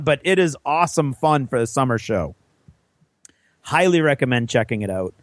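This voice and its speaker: A man's voice: a little high, moderate pace, a bit bright, no echo. A man co-hosting a podcast, telling a long story in casual chat with rambling enthusiasm. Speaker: podcast co-host.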